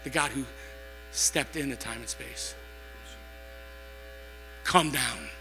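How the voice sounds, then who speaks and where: A man's voice: mid-range voice, measured pace, sharp tone. Impassioned male preacher in an echoing hall. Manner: reads scripture then builds to impassioned calls. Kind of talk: sermon. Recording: long hall reverb with faint music.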